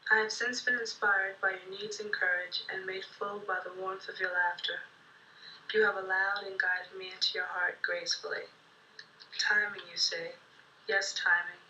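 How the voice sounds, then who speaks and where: A woman playing an earnest romantic lover who recites a love poem in a slow, solemn, sincere way, heard from a movie. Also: medium pitch, flat delivery, sharp tone, slight background noise. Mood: tender. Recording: muffled film soundtrack from a distance.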